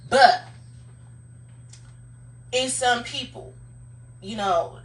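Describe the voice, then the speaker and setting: A woman's voice: medium pitch, slow pace, pauses often, fairly bright tone, far from the mic. Blunt, profane woman preaching from afar. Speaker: live streamer. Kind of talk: casual motivational monologue.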